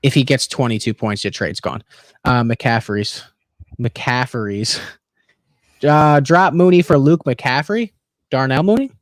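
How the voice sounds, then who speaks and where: A young man co-hosting a casual football livestream, loose and profane, joking and jumping around in pitch. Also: unhurried, no echo, studio quality. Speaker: co-host of a fantasy football stream.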